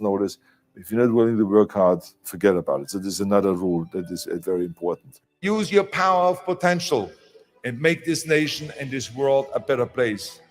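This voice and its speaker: A man's voice: lowish voice, a little mellow. An older man with a German accent giving an emphatic motivational speech, with small slips in his phrasing. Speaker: motivational speaker.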